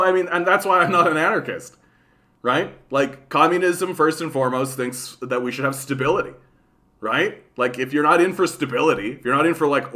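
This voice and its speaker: A man's voice: medium pitch, pushed and bright. A Canadian man hosting a livestream, ranting casually and profanely, with constant "like" and "right?". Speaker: livestream host. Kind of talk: casual political rant.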